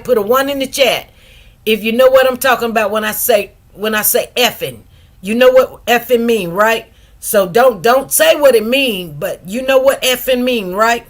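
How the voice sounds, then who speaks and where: A woman hosting a live stream, chatting casually and directly to her viewers in a slangy, talkative way. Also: fairly high pitch. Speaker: livestream host. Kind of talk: casual commentary to a live chat.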